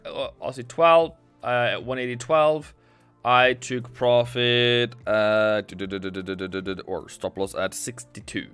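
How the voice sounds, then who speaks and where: The forex trading livestream host here has a smooth, fairly bright mid-range voice. Offering casual live market commentary, he thinks out loud over charts and reads chat messages; the recording is dry and close, with faint music behind him.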